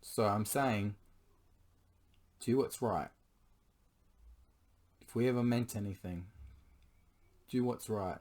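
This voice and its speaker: Speaking to his partner in a late-night vlog, a man pours out a heartfelt, pleading confession. His voice is a little low and mellow but worn hoarse, so he often breaks off to clear his throat.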